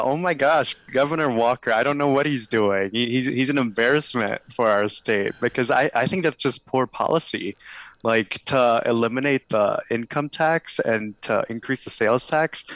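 Earnest candidate on a video call, dry. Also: male voice, medium pitch, normal speed, fairly bright tone, no room sound, rough recording. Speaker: political candidate guest. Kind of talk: interview answers.

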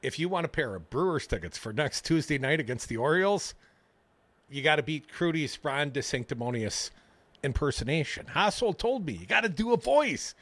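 Wisecracking talk radio host, lively voice. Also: male voice, a little high, moderate pace, no echo. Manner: wisecracking, reads news items aloud with sarcastic asides. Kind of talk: political talk radio banter. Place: radio studio. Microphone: studio microphone.

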